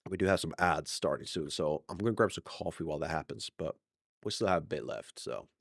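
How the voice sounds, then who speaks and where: A man's voice: extremely low pitch, expressive, brisk, creaky, no room sound, studio quality. A young man streaming live, chatting casually to viewers, rambling and correcting himself as he goes, laughing often.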